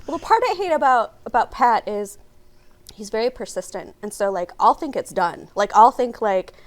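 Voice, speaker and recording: A woman co-hosting a morning show, joking in an animated way and saying "like" a lot. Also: mid-range voice, normal speed, low-quality recording. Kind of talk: casual chat. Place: TV studio.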